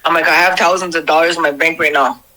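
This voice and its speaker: A woman's voice: low-pitched, quick pace, low-quality recording. A young woman casually retelling a strange dream on a podcast, swearing freely and acting out the people in it. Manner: profane, animated retelling of a dream. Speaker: podcast storyteller. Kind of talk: casual storytelling.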